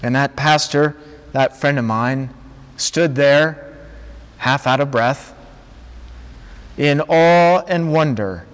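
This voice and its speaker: Male preacher, slightly raised pitch, unhurried dramatic storytelling, reverberant sanctuary. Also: clear, resonant tone. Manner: slow, dramatic storytelling with long pauses. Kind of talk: storytelling sermon. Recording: long reverb of a large hall.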